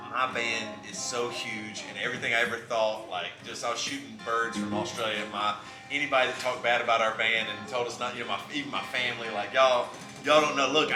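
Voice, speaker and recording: A baritone man tells rambling, self-mocking stories on a live stage between songs. His voice rings through a roomy venue on a stage mic, with loud music behind him. He sits at a middling pitch for a man. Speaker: band member telling stories on stage. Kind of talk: onstage storytelling between songs. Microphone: stage vocal mic.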